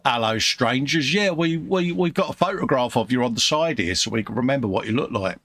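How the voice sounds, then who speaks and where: A man's voice: medium pitch, lively intonation, fairly quick, a bit bright, no room sound. A man from the UK co-hosting a live stream, reading out chat messages in a chummy way and calling everyone mate. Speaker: co-host of a live model-building stream.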